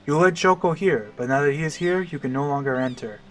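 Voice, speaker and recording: A man voicing a large, stately chocobo lord in a game, measured and formal while politely refusing. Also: fairly high pitch, soft background music, close to an everyday voice.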